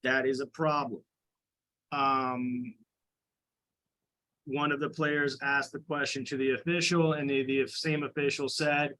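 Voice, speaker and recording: A man's voice: medium pitch, steady tone, unhurried, a bit bright, rough recording. Indignant man venting at a committee meeting. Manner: indignant, emphatic, rambling with many restarts. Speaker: high school girls lacrosse coach. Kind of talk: public comment at a committee meeting.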